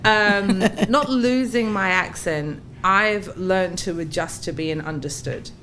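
A woman from England with a South London accent, a podcast guest telling animated stories in casual chat, often laughing. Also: medium pitch, slow, slight background noise. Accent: South London English. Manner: animated storytelling with frequent laughter.

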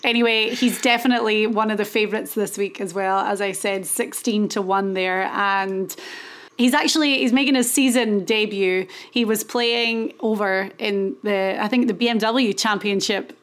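A woman's voice: mid-range voice, fairly even intonation, normal speed, fairly bright tone. A woman with a Scottish accent co-hosting a casual golf preview chat, upbeat and confident. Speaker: golf show co-host.

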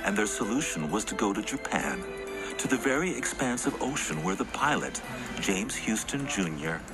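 A man's voice: on the low side, big pitch swings, moderate pace, over loud music. A man narrating a documentary in a scripted, dramatic storytelling way.

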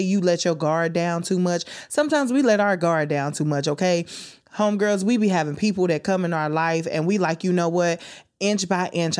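A young woman hosts a casual faith podcast. She talks in a chatty, preachy way, fond of calling her listeners homegirls. Her voice sits a touch low. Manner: chatty and warm-hearted, preachy, calls listeners homegirls and baby. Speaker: podcast host.

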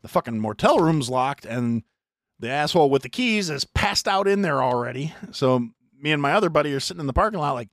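A middle-aged American man hosting a podcast, telling a long story in a profane, animated way with mock voices. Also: a little high, fairly quick, no echo. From United States. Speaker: podcast host. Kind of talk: casual storytelling chat.

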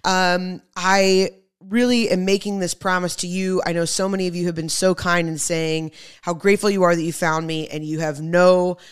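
Young woman podcast host, smooth clear voice, super animated, chatty with the listeners. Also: fairly low pitch, moderate pace. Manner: animated, emphatic, talks to listeners as friends. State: pregnant. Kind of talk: casual monologue.

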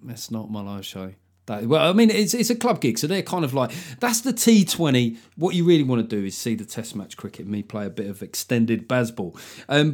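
Sweary comedian hosting a podcast. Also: male voice, mid-range voice. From London. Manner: sweary, joking, lively storytelling. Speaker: podcast host and stand-up comedian. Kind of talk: solo podcast monologue.

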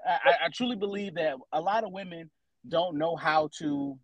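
A man's voice: a little high, moderate pace, highs cut off, a little hiss or hum. A man in his thirties on a casual adult chat podcast, teasing a co-host with questions and then explaining his opinions at length. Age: 30s.

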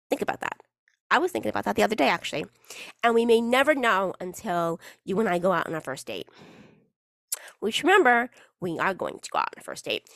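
A woman rambles through a casual solo podcast, playful and chatty with a swear word here and there. Her pitch swings up and down with lots of life. Her voice sits at a middle height and sounds close and dry, with no room around it. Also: dry recording. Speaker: podcast host.

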